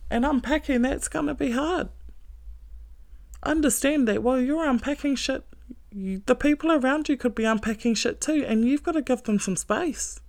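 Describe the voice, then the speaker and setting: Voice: high voice, moderate pace, creaky, a little mellow, no room sound, studio quality. A self-help speaker giving a blunt, heavily profane motivational monologue, earnest and emphatic, with short laughs.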